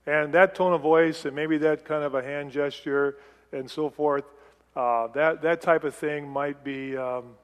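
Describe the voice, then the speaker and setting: Middle-aged male preacher, conversational and chatty, higher-pitched, long hall reverb. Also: fairly even intonation, normal speed. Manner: chatty, acts out quotes, light laughs. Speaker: preacher teaching a Bible passage. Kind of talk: conversational sermon.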